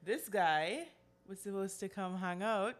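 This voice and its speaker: A woman's voice: medium pitch, measured pace, faint music behind. A woman co-hosting a podcast in casual chat, chatty and full of "like" and restarts. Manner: chatty, heavy use of "like", hesitant restarts. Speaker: podcast co-host.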